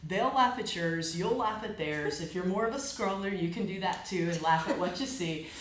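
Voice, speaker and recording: A woman's voice: on the low side, normal speed. A woman teaching laughter yoga to a group, upbeat and encouraging, often laughing as she explains the exercises. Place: large room with a group. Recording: echoey room with background noise.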